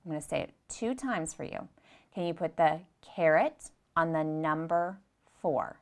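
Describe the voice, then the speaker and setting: A young woman teaching preschoolers, gentle and patient, speaking slowly and clearly and repeating her directions. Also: sits low. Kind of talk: slow, clear lesson for young children.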